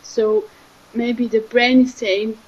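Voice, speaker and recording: A young woman, giving a gentle, halting spiritual talk that often trails off softly. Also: a little high, big pitch swings, creaky, slightly rough, highs cut off. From Switzerland. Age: 20s. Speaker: spiritual speaker.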